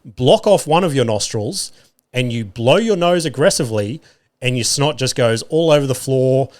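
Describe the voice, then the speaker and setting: Aussie guy podcast host, swears a lot, over the top ranting, talks right at the listeners, mid pitch. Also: animated, normal speed, a little mellow. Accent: Australian. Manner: profane, exaggerated ranting; fillers and restarts, addresses listeners directly. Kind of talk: comedic podcast storytelling.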